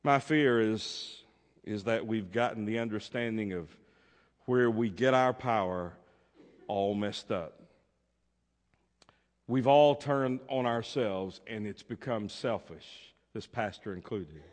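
A male pastor preaching a sermon, acting out a story theatrically and swinging between loud proclamations and hushed asides. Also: lowish voice, takes it slowly. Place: church sanctuary. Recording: long reverb in a church.

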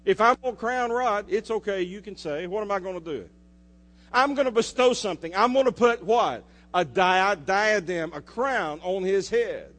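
A pastor preaching a sermon, swinging between loud declarations and hushed asides and putting questions to the congregation. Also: male voice, sits high, expressive, moderate pace. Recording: reverberant hall with mains hum.

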